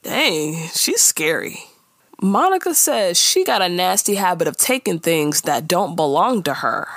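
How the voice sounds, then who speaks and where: Woman, casual recap chat, lively swooping pitch, slightly low voice, dry close sound. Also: a little slow, no room sound. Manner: laughing, acting out characters' lines. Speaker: podcast co-host recapping a TV episode.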